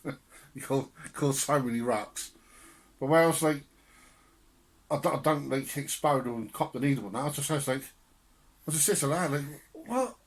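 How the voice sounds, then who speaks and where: A man's voice: mid-range voice, normal speed, pauses often. A young man on a podcast telling family stories with laughter and swearing in casual chat. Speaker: podcast co-host.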